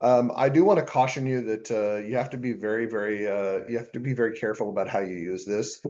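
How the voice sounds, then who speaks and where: A man's voice: lowish voice, quick pace, mellow, highs cut off. A man teaching a university accounting class in a classroom, chatty and joking, with many asides before he gets to the material. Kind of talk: classroom lecture. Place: lecture classroom.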